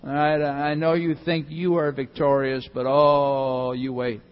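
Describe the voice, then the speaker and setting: A man voicing a triumphant, defiant savior who boasts loudly at his mockers. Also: high-pitched, big pitch swings, slow, slightly rough, long reverb tail, muffled recording, voice pushed up, heavily acted. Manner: loud, boastful, punchy.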